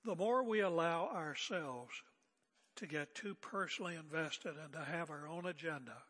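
An older man preaching a sermon as pastor, seated and speaking in a calm, conversational way with rhetorical questions. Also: fairly high pitch, normal speed, breathy edge, big-room sound. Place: church sanctuary. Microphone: seated at pulpit area mic.

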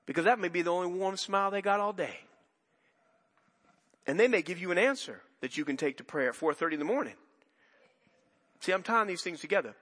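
A man's voice: sits high, lively intonation, a little fast, long pauses, a bit bright, long reverb tail. A man preaching a sermon in a church, talking in a loose conversational way with many restarts and asides. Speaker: pastor. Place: church sanctuary.

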